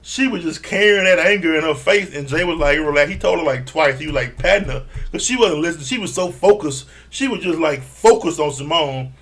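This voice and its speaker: A man with a gravelly, creaky voice pitched a bit higher than most men. He talks through a reality show recap in a loose, animated way, swearing as he goes and acting out what each person said. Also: fairly quick, hardly any pauses. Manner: animated, profane, acts out quotes. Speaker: reality TV reviewer. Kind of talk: casual recap commentary.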